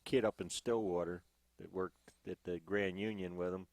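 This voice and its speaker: A man's voice: sits low, fairly even intonation, normal speed, a little mellow, no room sound. A man in casual podcast chat, telling a story in an easygoing, rambling way, recorded in a gym. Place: MMA gym cage.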